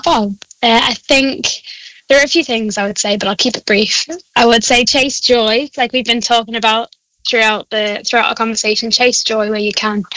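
A young woman with a Liverpool Scouse accent, chatting as a guest on a call, encouraging and quick to laugh. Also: a little high, a bit bright, no room sound, rough recording. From Liverpool, England. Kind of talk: casual chat. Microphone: phone call.

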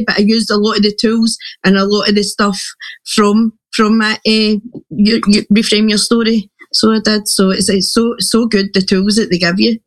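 An interview guest talking haltingly about sharing their story, with many restarts. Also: mid-range voice. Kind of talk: casual interview chat.

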